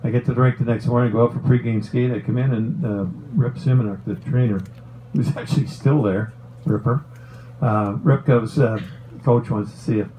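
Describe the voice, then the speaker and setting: A middle-aged man, a former hockey player, tells a long story in a casual, animated way, swearing and laughing as he goes. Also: medium pitch, moderate pace, slight background noise, low-quality recording. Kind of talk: casual storytelling on a talk show.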